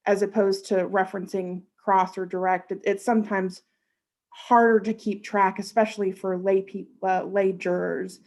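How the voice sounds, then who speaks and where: A woman's voice: medium pitch, gravelly, a little mellow. A woman, a lawyer, gives feedback to young advocates. She sounds friendly and enthusiastic, with a mid-range voice. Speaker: lawyer judging a mock trial. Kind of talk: giving feedback.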